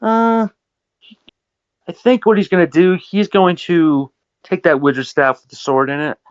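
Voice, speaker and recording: A man's voice: high voice, steady tone, unhurried, clear, resonant tone, no room sound. Give me a hesitant male player, dry and a bit muffled. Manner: hesitant, filler-heavy. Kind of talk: casual tabletop play.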